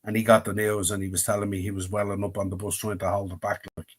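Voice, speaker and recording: A low, husky-voiced Irish man chatting as a podcast co-host. He rambles reflectively and fills his sentences with "you know" as he recalls things. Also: flat delivery, quick pace. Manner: rambling, reflective, many fillers. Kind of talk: casual chat.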